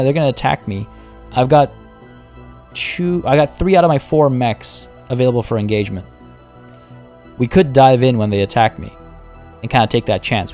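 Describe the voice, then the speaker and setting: A game streamer with a mid-range, darkish male voice gives live commentary on a strategy game. He thinks aloud and chats with his viewers, all while losing his voice.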